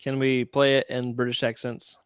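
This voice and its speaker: A man co-hosting a podcast from home, joining in quick, playful banter. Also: mid-range voice, flat delivery, clean tone, no room sound. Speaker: podcast co-host. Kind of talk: casual chat. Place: at home with a dog.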